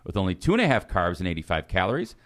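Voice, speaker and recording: Low-voiced man reading podcast ads. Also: rapid-fire. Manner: lively, laughs between reads. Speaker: podcast co-host. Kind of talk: casual sponsor ad reads.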